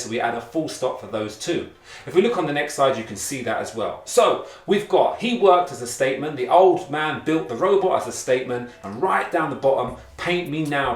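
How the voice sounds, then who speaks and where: A man hosting a kids' grammar lesson, talking to the class in an energetic, encouraging way. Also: medium pitch, roomy sound, far from the mic. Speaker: rapping teacher and show host. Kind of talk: upbeat grammar lesson for kids.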